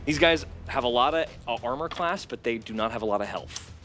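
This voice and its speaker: A man runs a tabletop game as game master, spelling out rules and scenes with a playful, laughing delivery. His voice is bright and forward, with faint music underneath. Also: medium pitch, animated, fairly quick.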